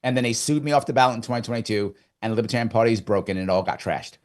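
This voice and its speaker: A middle-aged man from New York talking as an interview guest. He tells his story in an animated way and slips into the voice of his own past thoughts. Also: medium pitch, racing. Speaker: guest, former governor candidate. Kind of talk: casual interview chat.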